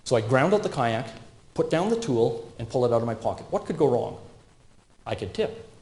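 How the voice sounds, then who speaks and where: A man in his fifties giving a safety presentation at a conference, animated and asking the audience questions. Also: mid-range voice, moderate pace. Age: 50s. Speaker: safety speaker. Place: conference hall. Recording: roomy hall sound.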